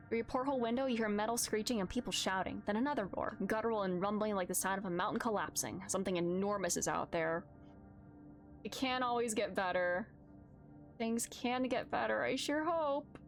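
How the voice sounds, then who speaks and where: A woman streamer reading a narrative game aloud and reacting live, moving from calm reading to loud, distressed outbursts. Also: mid-range voice, brisk, soft background music.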